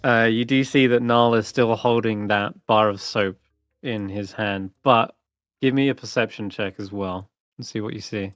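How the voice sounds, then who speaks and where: A man narrating as dungeon master, relaxed and hesitant, with plenty of fillers. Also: on the low side, moderate pace, no echo, clean studio sound, soft background music. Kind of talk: narrating a tabletop game.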